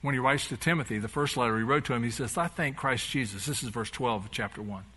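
A man's voice: medium pitch, fast talker, bright, forceful tone, husky. A male pastor preaching a sermon, animatedly retelling a story and acting out its dialogue.

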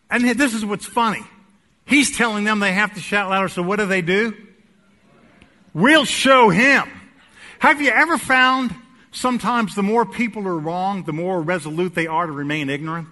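A male pastor preaching in a church sanctuary, his voice bright and a little high for a man. He tells his story with lively timing, dropping to soft asides and then climbing to loud, emphatic peaks. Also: normal speed. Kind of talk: sermon with humorous personal story.

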